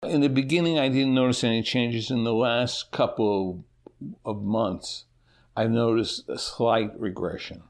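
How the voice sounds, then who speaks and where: A middle-aged man, a teacher, answering interview questions about his life in a halting way, often restarting and repeating words. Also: medium pitch.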